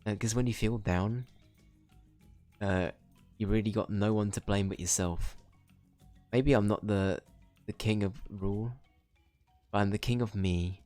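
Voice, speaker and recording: A man's voice: lowish voice, fairly even intonation, measured pace, long pauses, a little mellow, faint music behind. A man streaming a video game, reading its dialogue aloud with casual, joking asides. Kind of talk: casual let's-play commentary.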